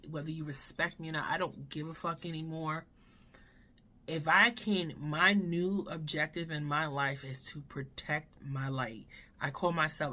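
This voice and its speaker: Brief: woman vlogger, low voice, slow and earnest, candid with casual swearing, seated at home. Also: pushed and bright. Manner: emotional, drops to a whisper at times. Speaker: beauty vlogger. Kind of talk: candid life-update chat to camera. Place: home room, seated in front of camera.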